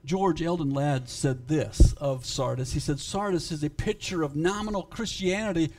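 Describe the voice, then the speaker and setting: A man preaching a sermon to his congregation, emphatic and swinging in loudness, halting and repeating words when he speaks off the cuff. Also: a little high. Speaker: pastor.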